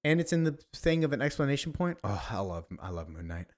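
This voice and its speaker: A man's voice: mid-range voice, very animated, fairly quick. A man casually narrating a comic book, adding chatty asides between the characters' lines. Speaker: comic reader, voice-over creator.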